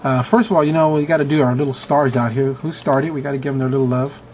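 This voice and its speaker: A man's voice: medium pitch, steady tone, quick pace, a little mellow, slight background noise. A man casually reading out answers from viewers, chuckling and reacting with mock outrage. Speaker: video host reading answers. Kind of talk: casual commentary reading aloud.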